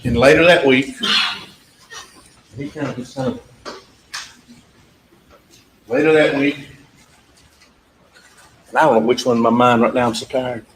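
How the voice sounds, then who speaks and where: A man's voice: medium pitch, fairly even intonation, a little slow, pauses often. A man giving a closing argument to a jury, emphatic and repetitive, speaking straight to the jurors in a courtroom. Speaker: trial attorney. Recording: echoey courtroom audio with faint background noise.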